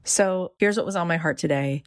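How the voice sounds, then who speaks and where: A woman hosting a podcast, giving a soft, slow, encouraging spoken intro. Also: lowish voice, no echo, clean studio sound. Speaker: podcast host.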